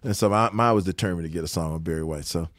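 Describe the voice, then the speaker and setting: Older man, from Detroit, deep low voice, dry close sound, chatty storyteller, laughs often. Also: rapid-fire, no echo. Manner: animated storyteller, laughs often, acts out others' lines. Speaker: session guitarist guest. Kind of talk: casual storytelling interview.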